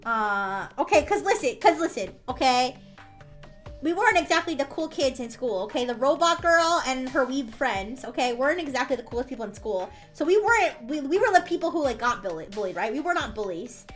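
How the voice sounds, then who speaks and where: Woman streamer, casual rambling storyteller, pretty high voice, swears a lot. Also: very animated, brisk, faint music behind. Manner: rambling, swears freely, restarts often.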